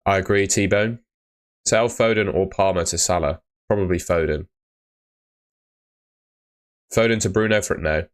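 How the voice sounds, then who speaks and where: Young guy on a live stream, real low voice, blunt and chatty, keeps saying mate. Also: a little slow, pauses often. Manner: chatty, blunt advice, often ends with "mate". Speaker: fantasy football streamer. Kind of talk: casual live-stream chat.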